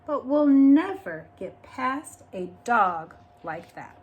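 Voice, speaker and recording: A woman's voice: a little high, sing-song, slow pace, narrow, tinny audio, slight background noise. A woman voicing a worried, protective mother hen in a storybook, firm and sighing. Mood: resigned.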